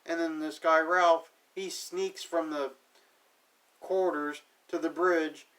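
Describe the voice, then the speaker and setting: A man's voice: a little high, fairly even intonation, slow, a bit bright, far from the mic, rough recording. A man casually recapping a TV episode in a sarcastic, offhand way, paraphrasing the characters as he goes. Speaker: TV episode reviewer.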